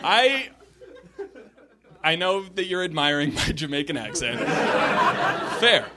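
A man performing a stand-up set on a comedy club stage, telling a quick, wry story. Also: a little high, big pitch swings, sharp tone. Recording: live club recording, crowd noise.

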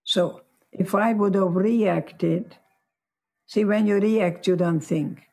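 A woman in her nineties, a guest telling her life story slowly and reflectively. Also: medium pitch, dark tone. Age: 90s.

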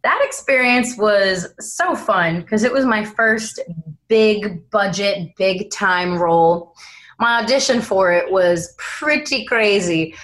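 Young woman, actress guest; casual, animated anecdotes. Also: mid-range voice, slow pace, poor audio. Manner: animated storyteller, acts out quoted voices. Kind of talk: casual interview chat.

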